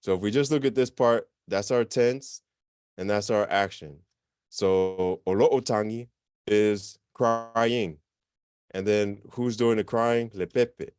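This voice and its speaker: Male teacher, low clear voice, casual and self-correcting, dry close sound. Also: slow, dry recording. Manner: relaxed, self-correcting, chatty explanations. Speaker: language teacher. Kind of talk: informal online class.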